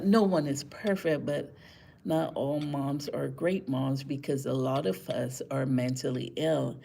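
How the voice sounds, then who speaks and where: A woman talking casually to live-stream viewers, chatty and indignant, repeating words for emphasis, tired after a rough morning. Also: low voice, darkish tone, slight background noise.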